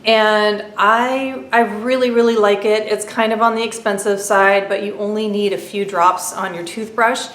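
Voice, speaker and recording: A woman chatting through a casual product review vlog at home, talking quickly with many fillers and asides. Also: mid-range voice, steady tone, a bit bright, echoey room. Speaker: beauty vlogger.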